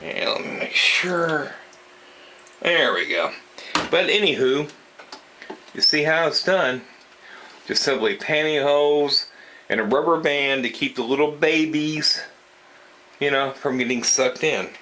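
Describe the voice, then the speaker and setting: Slow-talking bright-voiced man vlogger. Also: fairly high pitch, animated, slight background noise, poor audio. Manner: chatty, self-deprecating, talks through what he is doing. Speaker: fish-keeping channel host. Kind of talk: casual hobby vlog.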